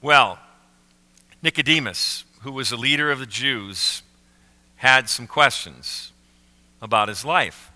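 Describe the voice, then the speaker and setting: A man preaching a sermon as pastor, slowing down and leaning on key words. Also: medium pitch, bright, forceful tone. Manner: slow emphatic phrasing with pauses on key words. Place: church sanctuary. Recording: reverberant church sanctuary.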